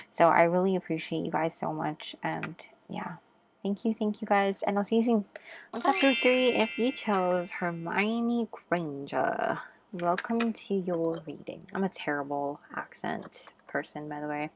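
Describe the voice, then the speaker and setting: Soft-spoken woman reading tarot, low-pitched. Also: creaky. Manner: gentle, affirming, with frequent ums. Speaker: tarot reader. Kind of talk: pick-a-card tarot reading.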